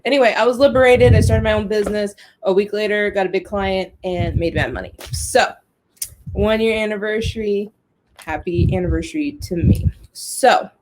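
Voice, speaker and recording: A woman hosting her own podcast, animated and candid, telling personal stories and swearing freely. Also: mid-range voice, slight background noise. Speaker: podcast host. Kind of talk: casual podcast monologue.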